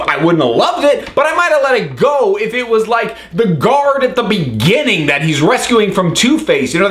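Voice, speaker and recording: Exasperated high-pitched woman ranting. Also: reverberant. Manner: exasperated, incredulous ranting with frequent shouted rhetorical questions. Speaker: host. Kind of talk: video rant commentary.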